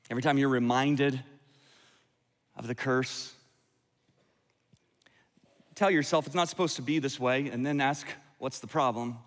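A man delivers a sermon with earnest conviction, often restarting a phrase by repeating a word. His voice sits at a middle pitch and carries a long reverb from a large church sanctuary. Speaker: pastor.

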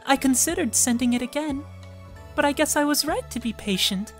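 A man voicing a cheerful, eager teenage schoolgirl in a high, sweet, girlish voice while reading a visual novel aloud. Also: brisk, soft background music. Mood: concerned. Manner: bright high put-on girlish voice, breathless and sweet.

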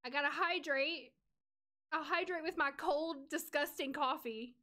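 A woman's voice: high voice, measured pace, pushed and bright. A woman from the United States streaming a life-sim game, chatting casually with viewers and talking to the characters.

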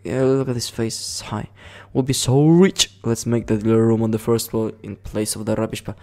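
A man's voice: fairly low pitch, flat delivery, fairly quick, warm tone. A man giving casual game commentary, rambling along with frequent giggles and swearing. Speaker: gaming video creator.

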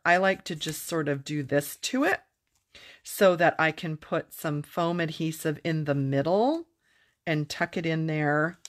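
A middle-aged woman chatting casually as she demonstrates a papercraft project, self-deprecating and quick to laugh. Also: low-pitched. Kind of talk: casual craft tutorial.

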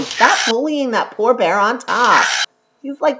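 A woman's voice: medium pitch, very animated, unhurried. A woman giving off-the-cuff commentary on animal footage, exclaiming in a squeamish, disgusted way. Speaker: video narrator. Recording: loud background noise.

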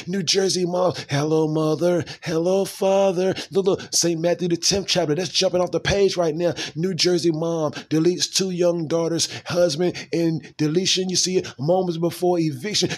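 A man's voice: high-pitched, a bit bright, slightly rough. A man reading news headlines and adding blunt, cursing, exasperated commentary in a casual style.

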